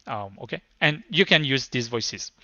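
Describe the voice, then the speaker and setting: A man's voice: medium pitch, lively intonation, normal speed, bright, forceful tone, no echo, muffled recording. A man with a thick French accent, his first language French, giving a live technical presentation in a hesitant, stop-start way. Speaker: tech conference speaker.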